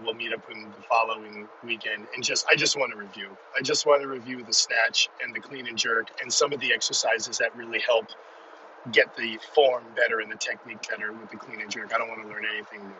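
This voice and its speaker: A middle-aged man hosting a casual solo podcast from inside his car, rambling and self-deprecating, excitable in his talk. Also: fairly low pitch, fairly quick, distant mic, lo-fi sound, noisy background. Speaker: podcast host.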